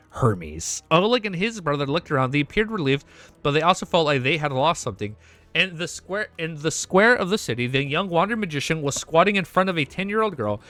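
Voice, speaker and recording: A man's voice: fairly high pitch, a bit bright, no room sound. A man reading a web novel aloud for his stream, breaking off now and then into emotional reactions. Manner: reads narration, breaks off into emotional reactions and swearing. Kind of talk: casual reading with excited reactions.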